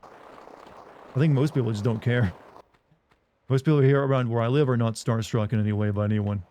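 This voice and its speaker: A man's voice: mid-range voice, steady tone, moderate pace, warm tone. A man chatting casually with viewers while streaming a game, rambling, joking, and laughing often. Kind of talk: casual chat while playing.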